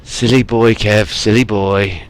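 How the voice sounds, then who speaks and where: Chatty English man, low voice. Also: fairly even intonation, unhurried. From England. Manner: chatty and self-mocking, talks back to traffic. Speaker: let's play gamer. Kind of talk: casual gameplay commentary. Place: home, at a driving-sim rig.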